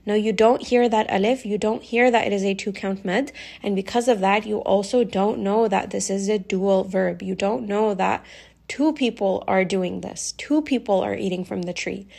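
A woman teaching recitation rules at a patient, measured pace. She goes over each point more than once and breaks into short recited demonstrations. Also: mid-range voice, gravelly, a little mellow. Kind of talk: step-by-step explanatory lesson.

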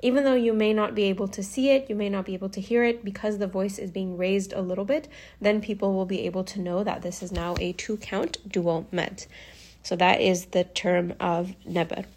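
A woman's voice: mid-range voice, steady tone, normal speed, a little mellow. A woman teaching recitation rules in a patient, step-by-step way, repeating each point and reciting short demonstrations. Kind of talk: step-by-step explanatory lesson.

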